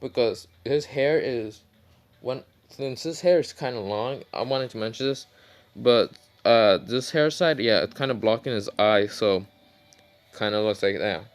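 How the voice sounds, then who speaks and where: A man's voice: lowish voice, expressive, normal speed. A man casually retelling his own fan-fiction story, rambling with many fillers and side remarks.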